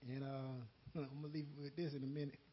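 A man's voice: mid-range voice, flat delivery, brisk, breathy edge, highs cut off. A man preaching an unscripted sermon in a folksy, laughing way, quoting conversations and repeating words. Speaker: lay preacher.

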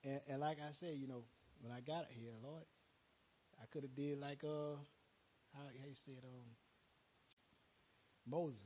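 A man's voice: mid-range voice, steady tone, unhurried, pauses often, muffled recording, a little hiss or hum. A man preaching an unscripted sermon in a folksy, laughing way, quoting conversations and repeating words. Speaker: lay preacher.

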